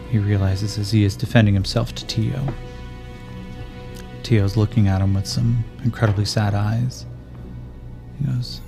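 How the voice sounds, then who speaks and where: A man running a tabletop game as game master thinks aloud while checking the rules and narrating the scene. His voice has a fairly low pitch and dark tone, with faint music in the background.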